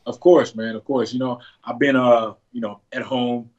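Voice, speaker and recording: A man answering interview questions over a video call, relaxed and halting, with frequent restarts. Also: mid-range voice, dull audio. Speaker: pro bodybuilder guest on a video call.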